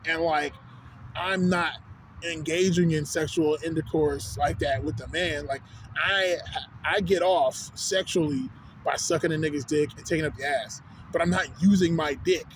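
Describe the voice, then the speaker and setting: A Texan-accented vlogger with a steady voice on the high side and a moderate pace rants casually outdoors in the city. Rambling and cursing, he constantly asks "you know what I'm saying." The audio carries a little hiss or hum.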